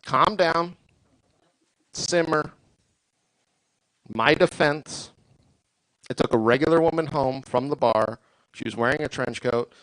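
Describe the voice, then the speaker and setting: A man performing a stand-up set at a comedy club, delivering deadpan punchlines into a stage mic. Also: a little high, slow pace, pauses often, no room sound, rough recording.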